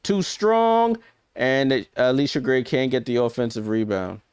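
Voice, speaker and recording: A man talks through a live game in a smooth, clean voice, calling plays in a loose, conversational way. His sound is dry and close, with no room around it. He often catches his own slips and fixes them on the fly. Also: mid-range voice, unhurried, a little mellow, no room sound. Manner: chatty, corrects himself often and laughs at his own slips. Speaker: live stream watch-along commentator. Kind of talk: casual live play-by-play commentary.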